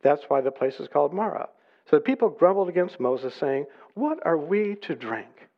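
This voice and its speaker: A man preaching a sermon, reading scripture aloud and rising in pitch and volume to stress his points. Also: big pitch swings, normal speed. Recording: dull lo-fi recording.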